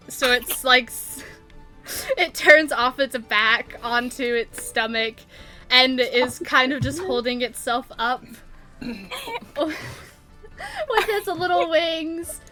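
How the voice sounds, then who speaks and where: Woman dm, high bright voice, takes her time, faint music under it. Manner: playful, laughing, unhurried. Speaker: game master. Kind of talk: narrating a tabletop game.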